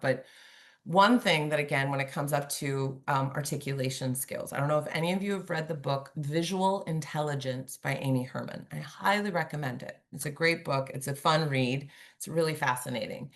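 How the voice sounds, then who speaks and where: A woman's voice: sits low, a bit bright. A woman giving a conversational webinar presentation over a video call, chatty and humorous, acting out examples as she goes. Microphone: remote video call.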